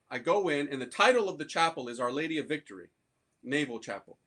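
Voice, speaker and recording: A priest tells the story of his conversion in a slightly high, bright voice, talking fast and with lots of animation. His speech is slangy and street-style, he acts out the voices of the people he quotes, and he laughs often as he tells it.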